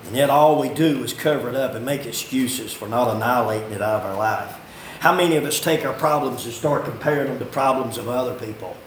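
A man, preaching a fiery sermon as pastor, swinging from shouting to low, quiet asides. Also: brisk, a little hiss or hum. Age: 50s. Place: church sanctuary. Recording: echoey room, heard from a distance.

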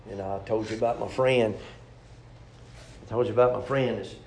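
A preacher with a gravelly voice, preaching a folksy sermon full of questions and homespun stories. The sound carries in a roomy church, with faint ambience behind him. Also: male voice, fairly low pitch, steady tone, fairly quick, darkish tone, slight background noise. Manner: folksy, rhetorical, storytelling with humor.

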